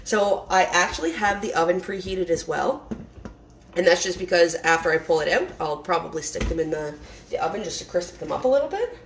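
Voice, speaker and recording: Chatty low-voiced woman cooking at home. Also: animated, a little fast, slight background noise, poor audio. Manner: chatty, rambling, frequent fillers and restarts. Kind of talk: casual cooking demonstration. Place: home kitchen.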